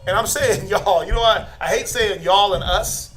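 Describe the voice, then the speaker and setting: Blunt high-voiced man preaching. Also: normal speed, a bit bright, rough recording. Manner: blunt, challenging, rhetorical questions. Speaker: religious teacher. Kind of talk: informal preaching to a group.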